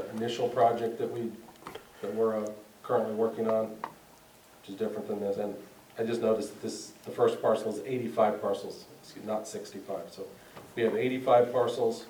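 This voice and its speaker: Low, flat-voiced Southern city engineer. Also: male voice. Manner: halting, many fillers and self-corrections. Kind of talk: presenting a report at a public meeting. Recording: roomy, distant mic with faint noise.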